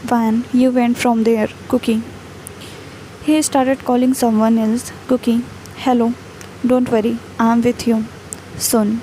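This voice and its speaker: A woman with a mellow, slightly high voice reads a fan fiction story aloud. She keeps every speaker name and cue in one level, unhurried tone. A faint hiss sits under the recording. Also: low-quality recording. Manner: reads speaker names and cues aloud in an even, unvaried tone.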